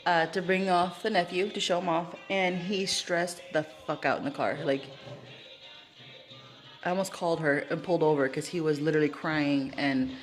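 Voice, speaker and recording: Woman vlogger, casual chat, lowish voice, rambling with fillers. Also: steady tone, moderate pace, soft background music. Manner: rambling, chatty, many fillers like "like" and "um".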